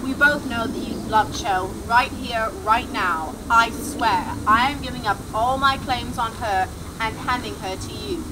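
A woman's voice: on the high side, a little slow, hardly any pauses, background noise, lightly acted. Woman playing a lovesick young wizard. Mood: earnest. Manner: pleading, dramatic declarations.

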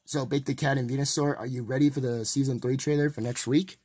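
A man's voice: medium pitch, fairly even intonation, fast, darkish tone, husky, close to an everyday voice. A man voicing a cheerful male mayor toy in a fan toy play, casual and upbeat as he announces news.

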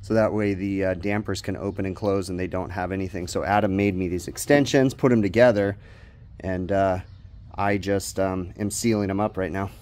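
A man hosting a casual DIY vlog, explaining his HVAC work step by step in a relaxed way with plenty of ums and uhs. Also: deep voice, normal speed, slight background noise. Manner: relaxed, explanatory, many fillers like um and uh. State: out of breath. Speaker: HVAC technician and channel host.

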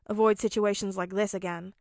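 A woman voicing a stern, worried man who is a teenager's father figure, in a fan audiobook reading, commanding and gruff. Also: mid-range voice, steady tone, a little fast, darkish tone, no room sound, clean studio sound, close to an everyday voice. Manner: commanding, then gruffly tender.

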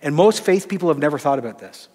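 A man, a pastor, teaching in a conversational sermon style, acting out dialogue from his stories and often dropping to a soft voice. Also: a little high, expressive, quick pace, in a large hall. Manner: conversational, acts out dialogue, drops to soft tones. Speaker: pastor and lecturer.

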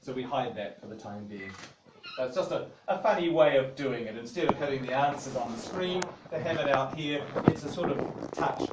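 A man explaining exhibits as a museum guide on a tour, talking with pauses, fillers and emphatic stresses. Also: mid-range voice, animated. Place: large indoor exhibition hall. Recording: echoey hall, far from mic, noisy.

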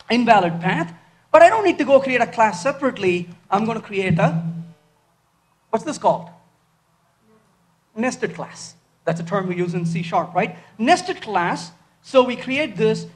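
A man giving a lively live technical talk, asking his audience question after question as he codes on stage. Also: sits high. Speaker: conference speaker. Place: large conference hall. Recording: echoey hall from far off.

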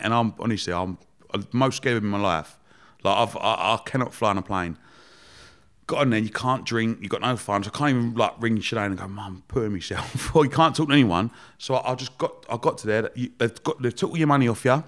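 A man telling stories as a podcast guest, animated, laughing often and swearing freely. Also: mid-range voice. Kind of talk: casual storytelling chat.

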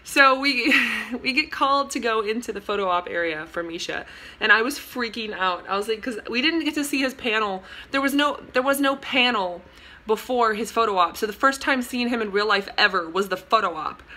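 A young woman telling a story to camera in a casual vlog, gushing and excitable, with lots of "like" and "oh my god". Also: fairly high pitch, a little fast. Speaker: vlogger.

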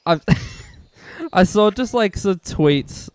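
A man in his twenties doing casual gameplay commentary, excitable, swearing and joking at his own expense. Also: high voice, slow pace, slight background noise. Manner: excitable, swearing, self-mocking jokes. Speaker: gaming streamer.

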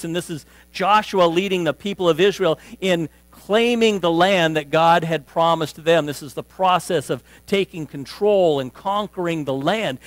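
A man preaching a sermon as pastor, emphatic on key words and trailing off softly at phrase ends, often restating himself as he teaches. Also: fairly high pitch, dry recording, low-quality recording. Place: church sanctuary. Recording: dry sound with mains hum.

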